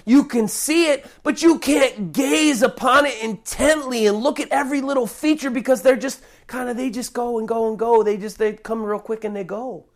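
A preacher teaching a Bible passage in a sermon, speaking emphatically with sudden loud bursts and frequent restarts. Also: medium pitch, normal speed, hardly any pauses.

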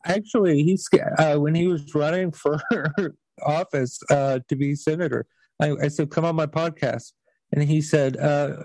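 A man's voice: fairly high pitch, steady tone, measured pace, warm tone, no echo, low-quality recording. Blunt, profane podcast host, man. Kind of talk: casual chat.

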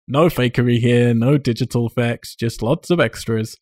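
Animated laughing man, dry mic. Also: mid-range voice, normal speed, dry recording. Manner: animated, laughing often, swears casually. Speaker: podcast host. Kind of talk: casual film discussion.

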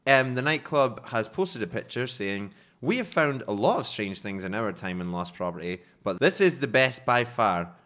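A man co-hosting a comedic podcast, reading out headlines with animated, restart-filled chat. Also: mid-range voice, normal speed, hardly any pauses. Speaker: podcast co-host presenting news stories.

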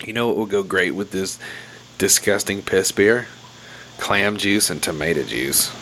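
A man's voice: low voice, unhurried, fairly bright tone. A man in casual, crude banter, swearing freely and laughing often. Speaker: co-host of casual drinking chat. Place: home with a baby. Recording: noisy home recording.

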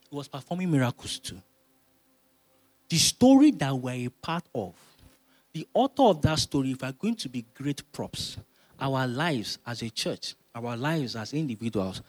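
A man, preaching a sermon as pastor, emphatic and repeating phrases as he builds to loud exhortation. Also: medium pitch. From Nigeria.

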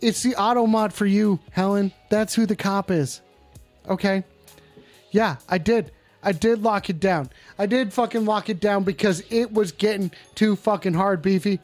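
A man's voice: sits high, a little mellow, no echo. A man hosting a comedic call-in show in character, brash and profane and often repeating himself. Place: indoors at home.

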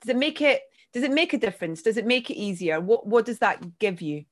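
A woman's voice: mid-range voice, animated, fairly quick. A woman interviewing actors, asking long, meandering questions full of restarts. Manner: warm rambling questions with many restarts. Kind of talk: casual interview.

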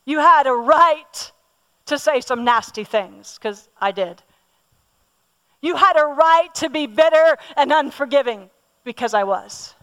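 Woman preacher, high pitch, personal and emphatic sermon delivery. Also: lively intonation, a little slow. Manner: personal, emphatic, asks the audience questions; repeats words for emphasis.

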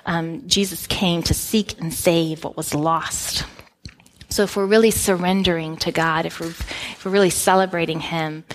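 A middle-aged woman pastor giving a sermon, telling a personal story in a relaxed, conversational way with frequent restarts. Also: fairly low pitch.

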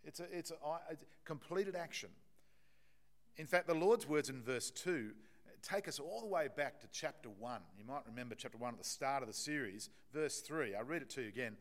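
A man's voice: mid-range voice, animated, a little fast, fairly bright tone. Man preaching an emphatic, chatty sermon. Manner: conversational, emphatic, many restarts and fillers.

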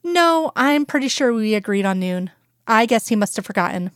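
A woman voicing a chatty, insistent Southern woman, higher and brighter than her narration, in an audiobook reading. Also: animated, moderate pace, smooth, dry recording, clean studio sound, natural voice. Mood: cheery, coaxing. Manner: bubbly, insistent, higher-pitched.

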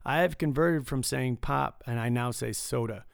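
A man's voice: medium pitch, normal speed, creaky, no room sound, studio quality. A man from Michigan chatting casually, prompting his co-host and joking along. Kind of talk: casual chat.

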